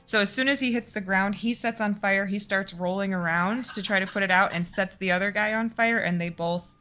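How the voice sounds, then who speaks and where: A woman's voice: medium pitch, brisk, sharp tone, soft background music. A woman running a tabletop game as game master, narrating the action casually and laughing easily.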